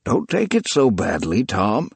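A man's voice: on the low side, wildly swooping pitch, a little slow, vocal fry, breathy edge, dry recording, exaggerated voice. A man voicing an earnest elderly man who coaxes and pleads. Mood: coaxing. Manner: urgent, coaxing, pleading.

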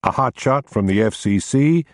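A man narrating a story in a measured, even audiobook reading. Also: mid-range voice, no room sound, studio quality.

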